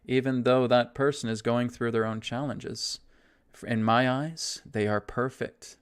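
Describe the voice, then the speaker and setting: A man teaching a spiritual self-help lesson, guiding breathing in a slow, soothing way and often checking in with "right?". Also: mid-range voice, fairly even intonation, clear, resonant tone. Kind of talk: guided self-help talk.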